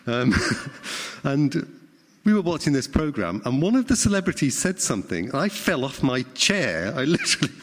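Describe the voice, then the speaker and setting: A man's voice: on the high side, very animated, moderate pace. A middle-aged man, preaching a sermon in a conversational way and often asking the congregation questions. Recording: long hall reverb.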